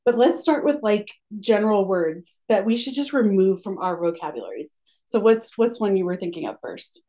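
A woman's voice: medium pitch, lively intonation, normal speed, mellow. Woman podcast co-host, emphatic and dramatic, casual chat. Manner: emphatic, dramatic about pet peeves.

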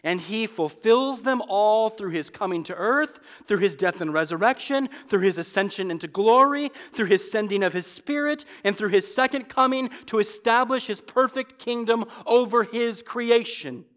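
A man preaching a sermon as pastor, emphatic, swinging from loud stresses to low asides and slowing sharply on repeated refrains.

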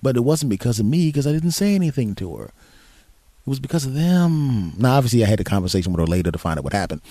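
A man's voice: mid-range voice, sing-song, fast, warm tone, no echo. A middle-aged man hosting a podcast, telling a story in a rambling, self-deprecating way with lots of restarts. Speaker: podcast host. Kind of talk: casual storytelling monologue.

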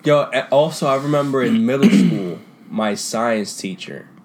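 A young man telling stories from school in a casual, slangy chat, laughing often and trailing off into quieter mumbles. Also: mid-range voice, normal speed. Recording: faint background noise.

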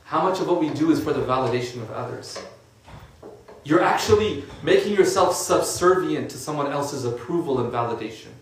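A man's voice: a little high, animated, brisk. A man giving an informal religious talk in a conversational way, with lots of casual fillers. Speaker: religious speaker. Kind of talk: informal sermon. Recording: echoey room from a distant mic.

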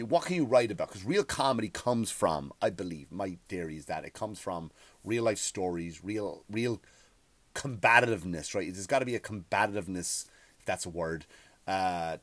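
A man's voice: on the low side, no echo. A man who is a comedian, talking in a profane, rambling podcast monologue and acting out other people's voices.

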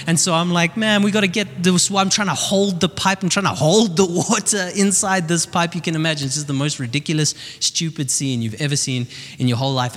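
Animated young male pastor, echoing hall. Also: fairly high pitch. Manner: animated storyteller, chatty with many fillers. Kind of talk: sermon with personal story. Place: church hall. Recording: long reverb of a church hall.

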